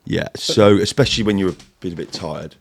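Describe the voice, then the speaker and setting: A man's voice: deep voice, creaky. A man, a former Royal Marine, telling sweary war and adventure stories in casual podcast chat. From United Kingdom. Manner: fast, sweary, animated storytelling in military slang.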